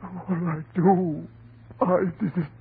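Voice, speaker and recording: An actor playing an anguished husband near madness, in overwrought 1940s radio acting that pleads and cries out. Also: male voice, high voice, level tone, measured pace, vocal fry. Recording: tinny, noisy old radio recording.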